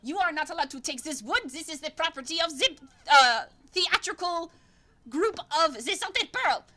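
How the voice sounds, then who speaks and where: A woman's voice: very high voice, lively intonation, normal speed, sharp tone, voice pushed up, exaggerated voice. A woman voicing a haughty, fabulous antlered male elf who scolds indignantly.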